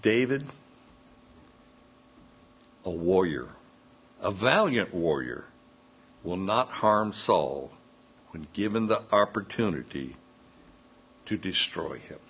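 A man preaching a sermon, slowly retelling a scripture story and voicing its quoted dialogue. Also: deep voice, very animated, a bit bright, breathy edge. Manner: slow, measured retelling with quoted dialogue and self-corrections.

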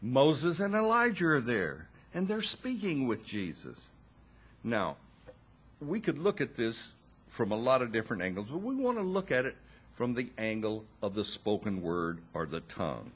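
A man preaching a sermon, slow and expressive, with dramatic pauses and wry asides to his listeners. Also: medium pitch, slightly rough.

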